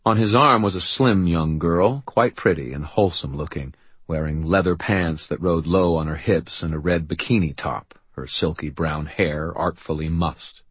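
A man narrating a novel in the first person with a dry, wry, deadpan delivery. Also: deep voice, normal speed, husky, dry recording. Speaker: audiobook narrator.

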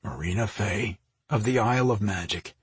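A man playing a husky earnest lover. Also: moderate pace, no echo. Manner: low, murmured delivery. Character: earnest young man in love.

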